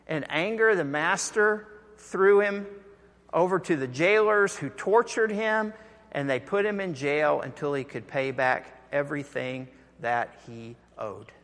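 Slow-speaking pastor with a bright voice. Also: male voice, a little high, in a large hall. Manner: conversational, slow and deliberate, drops soft for emphasis. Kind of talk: sermon.

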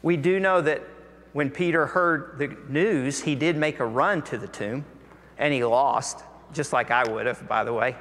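A man preaching a sermon, telling a Bible story in an animated way and acting out the voices of its people. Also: mid-range voice, unhurried. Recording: long hall reverb.

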